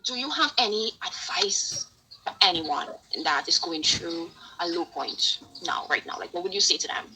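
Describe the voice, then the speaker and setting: A woman hosting a casual interview, talking in a lively storytelling way full of "like" fillers. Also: lowish voice, moderate pace, noisy background. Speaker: podcast host.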